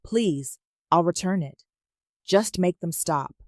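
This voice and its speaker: A woman's voice: fairly low pitch, takes it slowly, darkish tone, no room sound, clean studio sound. A woman voicing a greedy man in terror. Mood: pleading. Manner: pleading, then crying out. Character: greedy desperate young village man, terrified.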